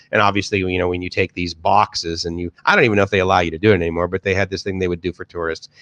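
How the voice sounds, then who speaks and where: A man's voice: low voice, fairly bright tone, no room sound. A man from the Boston area with a Boston accent, chatting casually on a live stream, reading viewer comments and rambling with many restarts and fillers. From Boston area, USA. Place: home, in Bangkok.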